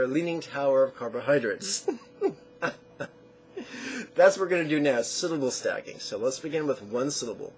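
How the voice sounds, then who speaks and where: A man teaching an online lesson, guiding the listener through call-and-response chanting in a slow, deliberate coaching manner. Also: mid-range voice, expressive, a little hiss or hum. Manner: chants syllables slowly and drawn out. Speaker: mantra teacher.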